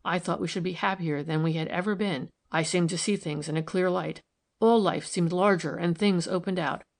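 A man's voice: sits high, steady tone, normal speed, gravelly. A woman reading the lines of a troubled young man who speaks soberly and wistfully in an audiobook.

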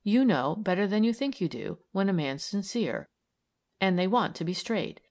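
A woman's voice: mid-range voice, sing-song, moderate pace, darkish tone. A woman reading aloud and voicing an earnest, idealistic young woman who argues eagerly and persuasively.

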